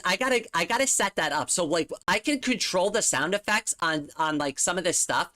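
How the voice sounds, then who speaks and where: Woman streamer, casual chat, slightly low voice, rambling and giggly, home desk mic. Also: fairly bright tone. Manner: rambling, lots of "like", giggles often.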